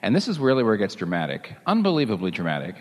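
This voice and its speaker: A man preaching a sermon as a pastor, telling the story in a lively way and chuckling along with it. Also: on the low side, very fast, in a large hall.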